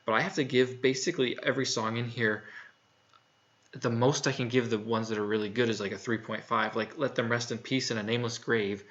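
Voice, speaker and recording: A man's voice: medium pitch, steady tone, fairly quick, fairly bright tone, lo-fi sound. A man talking casually through a music review in a frank, plainspoken way, with lots of fillers and restarts. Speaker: album reviewer.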